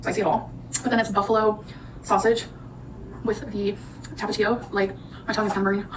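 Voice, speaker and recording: A woman's voice: mid-range voice, flat delivery, a little fast, distant mic. A woman rambling chattily to her viewers in a casual cooking and eating vlog. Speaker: vlogger. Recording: noisy audio from off-mic.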